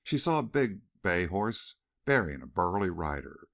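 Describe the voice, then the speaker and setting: Man narrating an audiobook, low voice, lively dramatic reading. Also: unhurried. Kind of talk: scripted narration.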